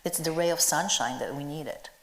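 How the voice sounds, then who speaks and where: Low-voiced chatty woman in a roomy hall. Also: moderate pace, a bit bright, slight background noise. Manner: chatty, lots of "you know" fillers, enthusiastic. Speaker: costume designer, interview guest. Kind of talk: onstage conversation before an audience. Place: event hall with a live audience.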